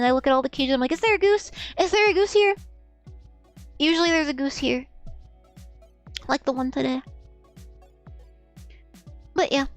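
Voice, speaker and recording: A young woman with a high voice chats loosely on a live stream, giggling, tripping over her words and tossing in casual swears. Faint game music plays behind her. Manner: rambling, stammering repeats, giggly, swears casually.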